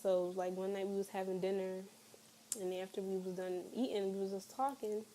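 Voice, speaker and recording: A woman's voice: mid-range voice, steady tone, normal speed, dark tone, slight background noise, rough recording. A young woman telling a personal story to camera in a casual storytime vlog, candid and chatty with lots of fillers. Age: young adult. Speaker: vlogger.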